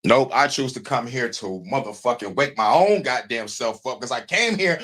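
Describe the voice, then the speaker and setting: A man's voice: medium pitch, lively intonation, moderate pace, few pauses, a bit bright. A man hosting a livestream in a rambling, profane, casual monologue, often breaking into laughs. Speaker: streamer host.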